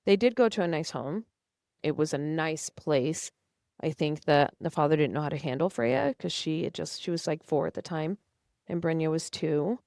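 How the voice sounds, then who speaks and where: A young woman with a low voice tells her own story as a podcast guest. She is earnest and emotional and acts out past conversations. The sound is close and dry, with no room around it. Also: lively intonation, moderate pace, creaky, a little mellow, dry recording. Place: studio.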